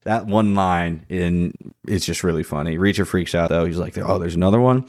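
A man's voice: deep voice, normal speed, no echo, studio quality. A man co-hosting a podcast, casually recapping a TV episode and acting out the scenes. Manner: animated recapping, acts out scenes. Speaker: podcast co-host. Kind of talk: casual chat.

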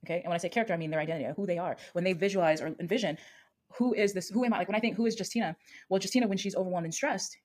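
A woman in her thirties talks fast and earnestly, circling back to rephrase her points. Her voice sits a little low for a woman. She sounds like a coach hosting her own solo podcast. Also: a little mellow. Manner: earnest, fast-talking, repeats and rephrases herself. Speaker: podcast host and emotional coach.

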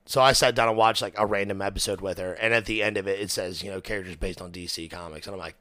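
A man's voice: deep voice, steady tone, fast talker, a bit bright, dry recording. A young man hosting a podcast, chatting casually and animatedly, swearing often and acting out quotes. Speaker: podcast host. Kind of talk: casual chat.

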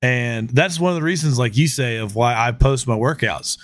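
Telling stories on his podcast, this host gets animated and performs the quotes as he chats casually. He speaks at a normal pace in a medium pitch, and the studio sound is clean with no room sound.

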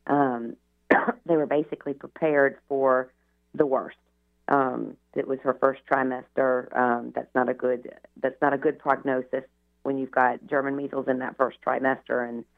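A woman's voice: extremely low pitch, gravelly. A middle-aged woman, a radio interview guest, telling her life story in a chatty way, full of "you know" asides. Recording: tinny phone line on radio.

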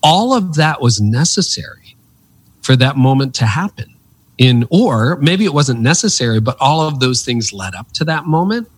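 Animated, earnest man in his fifties. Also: mid-range voice, normal speed, breathy edge. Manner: animated storyteller with lively swings in emphasis; earnest, preacherly. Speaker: guest, author and speaker. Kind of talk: conversational interview.

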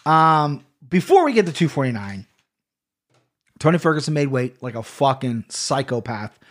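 A man in his thirties hosting a solo podcast, rambling and excitable with lots of swearing and restarts. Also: medium pitch, moderate pace. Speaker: podcast host. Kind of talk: casual solo podcast monologue.

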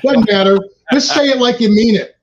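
A man's voice: extremely high pitch, brisk, dull audio, a loud crowd. A man co-hosting a casual podcast in an easygoing way, chiming in with short affirmations. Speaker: podcast co-host. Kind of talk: casual chat.

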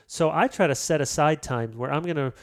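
Animated man telling stories. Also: a little high, a little fast. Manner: animated storyteller, acts out quotes. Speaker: author and pastor guest. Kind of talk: casual interview talk.

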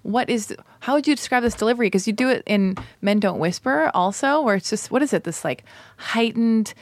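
A woman's voice: on the high side, animated, brisk, no echo. A woman hosting a podcast, gushing in casual chat and swearing freely. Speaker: podcast host.

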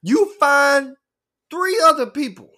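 A man's voice: extremely high pitch, slow. A man who is a guest on a casual podcast, telling stories animatedly and acting out other people's voices. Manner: animated storyteller, acts out voices. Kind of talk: casual chat.

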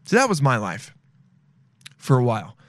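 A sniffly young man from Los Angeles talks in a loose, rambling way, swearing often and calling everyone "dude." His voice sits at an ordinary middle pitch. The sound is dry and close, with no room around it. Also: huge pitch swings, normal speed, a bit bright, no echo. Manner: rambling, swears freely, calls listeners "dude". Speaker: podcast host. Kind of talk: casual solo chat.

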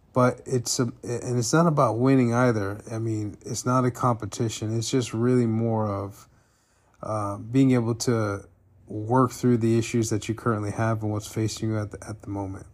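A man co-hosting a relationship podcast with his partner, calmly talking through advice in a relaxed way. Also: mid-range voice. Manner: calm, relaxed, gives advice. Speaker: podcast co-host. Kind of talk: casual couple's podcast chat.

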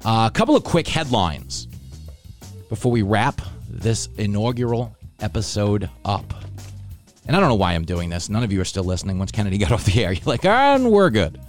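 A man's voice: lowish voice, expressive, a little fast, faint music behind. A man from Long Island, hosting a casual comedy show, joking and sarcastic about himself and the news. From Long Island, New York. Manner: joking, sarcastic, self-deprecating. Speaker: podcast host.

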